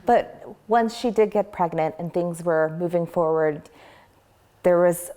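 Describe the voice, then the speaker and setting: A woman with a slightly low voice hosts an interview. She asks questions gently and responds with sympathy to what her guests share. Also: a little slow. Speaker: interviewer and host.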